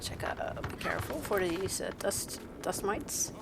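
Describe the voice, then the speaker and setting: A woman giving quiet, offhand gameplay commentary, mumbling to herself as she plays. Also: medium pitch, lively intonation, moderate pace, vocal fry, heavy background noise. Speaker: gameplay streamer.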